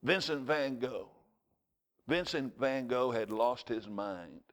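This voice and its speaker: A man, preaching a sermon as pastor of his congregation, mixing scripture with personal stories and acted-out shouts. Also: expressive, takes it slowly. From United States. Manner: storytelling preacher, jumps to high shouted voices in anecdotes.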